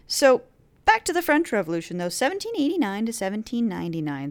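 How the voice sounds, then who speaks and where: A woman's voice: a little high, very animated, fast talker. A woman hosting a history series, explaining events in a casual, chatty lecture with playful asides and frequent filler words. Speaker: history podcast host.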